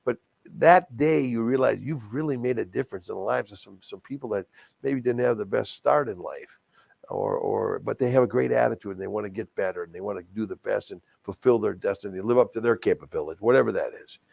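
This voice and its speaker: An older man from Wisconsin, a TV anchor and charity auctioneer, telling stories in a folksy, animated, self-deprecating way in a casual interview. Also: fairly low pitch, brisk, gravelly, breathy edge, no echo.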